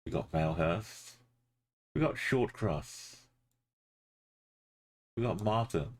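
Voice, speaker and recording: A man's voice: lowish voice, animated, slow. A man streaming a geography game, casually muttering place names and making playful asides. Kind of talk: casual live-stream commentary while playing.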